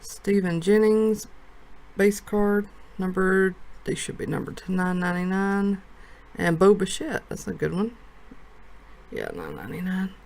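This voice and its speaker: A woman from a card shop talking casually as she opens a box of trading cards, thinking aloud, her voice low with early morning. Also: animated, unhurried, a little mellow. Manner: chatty, thinks aloud while sorting cards.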